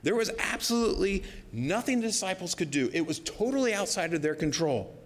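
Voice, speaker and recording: A male pastor preaching a sermon in an earnest, personal way, sometimes dropping to a soft near-whisper for emphasis. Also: sits high, sing-song, brisk, in a large hall. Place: church sanctuary.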